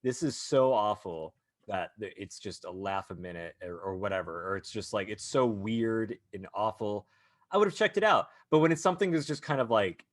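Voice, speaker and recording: A man's voice: deep voice, dry recording, clean studio sound. A man co-hosting a podcast, chatting casually with wry, amused remarks. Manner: wry, dryly amused, laughs easily. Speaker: podcast co-host.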